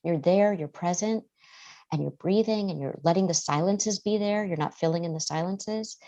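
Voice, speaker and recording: A woman's voice: on the low side, moderate pace, warm tone. A woman guest therapist giving earnest podcast interview answers, often acting out how parents and children talk.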